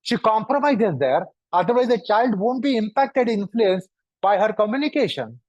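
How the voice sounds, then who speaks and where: A man giving a lecture, speaking deliberately and piling up synonyms for emphasis. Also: high-pitched, expressive, darkish tone, dry recording. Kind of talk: lecture to an audience. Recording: dull, dry recording.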